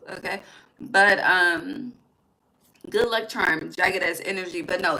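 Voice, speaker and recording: A chatty woman giving a casual tarot reading, talking straight to her viewers with emphatic asides and loose swearing. Her voice sits fairly low but sounds bright and forceful. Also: vocal fry, rough recording. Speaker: tarot reader.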